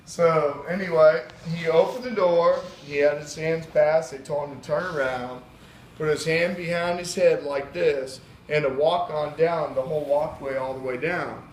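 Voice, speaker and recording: A man's voice: fairly high pitch, moderate pace. A man telling a wild anecdote in casual, profane talk, acting out the voices of the people in it. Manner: profane, lively storyteller acting out quoted voices. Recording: roomy recording with faint ambient noise.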